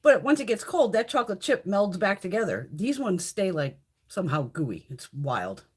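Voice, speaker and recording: A woman's voice: mid-range voice, sing-song, moderate pace, husky. A middle-aged woman hosting a casual beauty live chat, swearing freely and talking to her viewers. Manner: chatty and profane, reads out viewer comments. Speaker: beauty livestream host.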